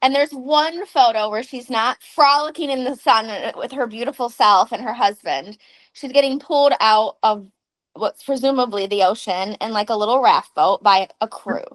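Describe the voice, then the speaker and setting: Lively woman telling stories on a podcast. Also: on the high side, normal speed. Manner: animated storytelling with swearing. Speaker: podcast co-host. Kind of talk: casual chat.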